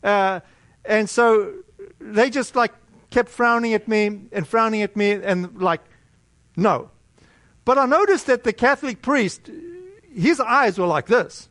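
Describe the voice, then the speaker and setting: A middle-aged American man preaching a sermon, telling a personal story in a conversational, animated way with many restarts. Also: high-pitched, unhurried, dry recording.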